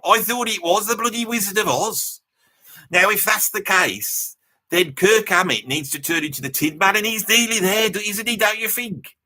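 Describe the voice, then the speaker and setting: This middle-aged man from Birmingham, England, has a Birmingham accent and a bright, forceful mid-range voice. As a guest on a live reaction stream, he reads out viewer comments in a rambling, jokey, mock-boastful way.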